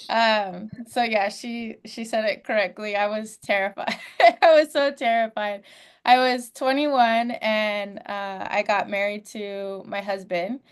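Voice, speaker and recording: A woman's voice: medium pitch, steady tone, unhurried, clean tone. A woman, a podcast guest in her twenties, telling her life story in a candid, heartfelt way with frequent fillers. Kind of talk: personal storytelling.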